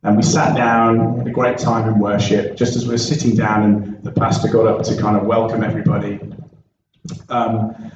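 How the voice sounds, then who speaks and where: A man's voice: fairly low pitch, little pitch movement, normal speed, noisy background. A man, a pastor giving an earnest, conversational sermon in a church. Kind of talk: sermon with opening prayer. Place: church sanctuary. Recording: echoey church recorded from far off, dull sound.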